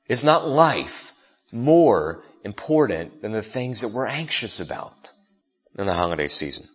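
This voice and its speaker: A pastor tells a story during his sermon, addressing his listeners directly in a conversational tone. His mid-range voice has a fairly bright quality, and the recording carries the long reverb of a large hall.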